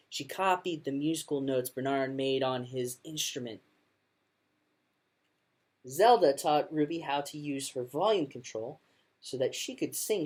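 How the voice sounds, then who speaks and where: A woman music teacher reading a children's picture book aloud to her class in an expressive storytelling manner. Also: low-pitched, slightly rough.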